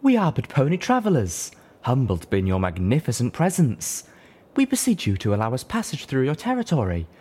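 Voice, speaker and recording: A man's voice: mid-range voice, sing-song, normal speed, mellow, husky, voice pushed up. A man reading an audiobook, voicing an elegant, gracious unicorn mare who speaks in a formal, grandly polite and theatrical way. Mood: grand, courteous. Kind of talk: audiobook reading of fan fiction.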